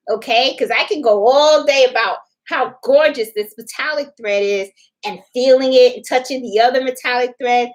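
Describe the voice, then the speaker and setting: A middle-aged woman with a New York accent, talking casually and a little higher than most women. She wanders from thought to thought as she chats with her viewers on a live stream from home. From New York City. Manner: chatty, meandering, talking straight to her chat. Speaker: crafting livestream host.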